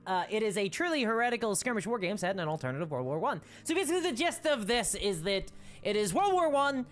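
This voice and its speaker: Animated rambling woman streamer. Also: mid-range voice, fast, faint music behind. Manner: animated and rambling, laughs often. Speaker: livestream host. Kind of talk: casual livestream chat reading viewer comments.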